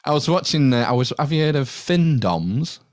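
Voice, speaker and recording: A man's voice: mid-range voice, big pitch swings, normal speed, very noisy. A British man in casual podcast chat, telling stories in a laid-back way, swearing and laughing easily. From United Kingdom. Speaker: podcast guest or co-host.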